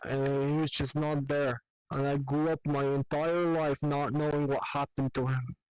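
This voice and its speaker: A young man telling an emotional personal story in candid, profane, halting speech over online voice chat. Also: on the high side, level tone, darkish tone, clean tone, no room sound, rough recording. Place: online voice chat in a virtual world.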